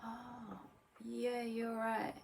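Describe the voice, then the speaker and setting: Woman, podcast co-host, casual chat, animated, fidgety, slightly distant mic. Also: on the high side, drawn-out words, creaky, slight background noise. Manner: animated, fidgety, laughing, swearing.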